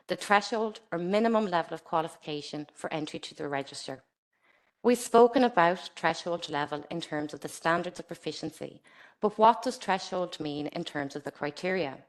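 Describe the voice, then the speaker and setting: A woman presenting a scripted webinar for a regulator, in a measured, formal manner as she reads from a script. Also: on the low side, expressive.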